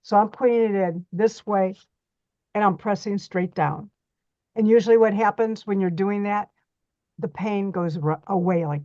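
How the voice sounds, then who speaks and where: A middle-aged woman leads a hands-on reflexology class in a folksy, chatty way. Her voice sits at an ordinary middle pitch. The sound is dry and a little dull and muffled. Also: darkish tone, no echo. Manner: chatty, folksy, demonstrating on a model foot. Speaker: reflexology workshop instructor. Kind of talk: hands-on workshop teaching.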